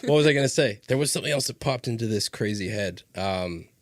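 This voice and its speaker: A man's voice: mid-range voice, expressive, fast talker, no room sound, clean studio sound. A man from Canada hosting a podcast, chatting loosely and enthusiastically, full of likes and yeahs. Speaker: podcast host. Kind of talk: casual podcast conversation.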